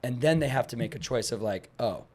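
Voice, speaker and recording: A young man talking as a guest on a podcast, animated as he tells stories and acts out conversations, rambling a little with restarts. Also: mid-range voice, fast talker. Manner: animated storyteller, acts out dialogue; rambling with frequent restarts and fillers. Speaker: guest, fitness instructor.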